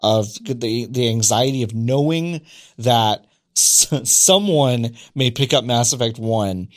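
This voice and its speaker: A man chatting casually and candidly, getting excited and swearing now and then. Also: mid-range voice, slow pace. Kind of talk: casual chat.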